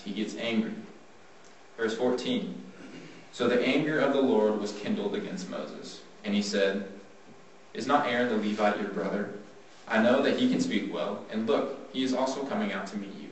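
In a very echoey room, a man with a fairly low voice is heard from a distance giving an earnest devotional Bible talk, with a faint hiss underneath. He reads scripture slowly, then explains it in plain everyday words.

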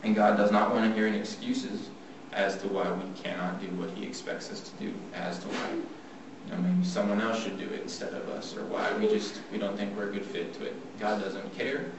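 He slowly reads a passage of scripture and then unpacks it in ordinary, plain words, speaking earnestly in a fairly low voice during a devotional Bible talk. The sound is distant and very echoey, with a faint hiss beneath.

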